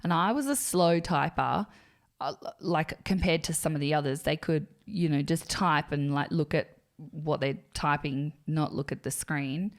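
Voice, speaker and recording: A woman co-hosting a podcast, chatting casually and telling animated stories. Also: deep voice, a little slow. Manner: animated storyteller, acts out quotes. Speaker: podcast co-host. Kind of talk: casual chat.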